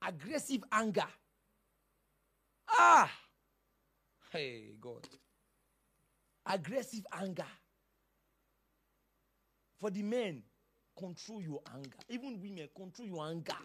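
Animated high-voiced male preacher. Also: measured pace, long pauses, breathy edge. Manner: emphatic, dramatic preaching with sudden outbursts. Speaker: pastor. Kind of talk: sermon.

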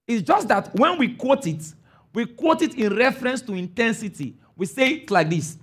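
A man preaching a sermon, emphatic, stopping often to ask his listeners if they follow and sometimes rising to a shout. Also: very high-pitched, animated, moderate pace, husky. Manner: emphatic, calls for congregation responses; rises to shouts on key phrases.

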